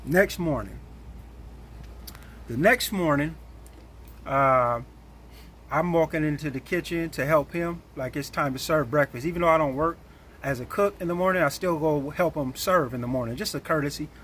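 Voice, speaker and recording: A man telling a story in a casual, animated and blunt way, with plenty of slang. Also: fairly high pitch, moderate pace, long pauses, slight background noise.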